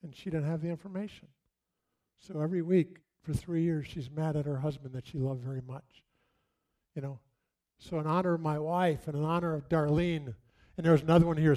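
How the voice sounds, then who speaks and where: Male pastor, middle-aged, high-pitched, conversational sermon, dramatic pauses. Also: darkish tone.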